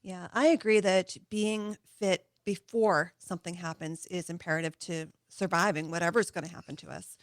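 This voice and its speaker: A woman's voice: on the low side, steady tone, normal speed, no echo. A woman hosting an interview, chatting in a conversational, agreeing way. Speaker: podcast host.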